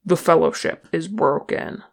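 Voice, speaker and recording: A woman's voice: deep voice, unhurried, creaky, full character voice. A woman reading as a stern male dwarf king who speaks curtly, in a clipped, grim manner. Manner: curt, clipped.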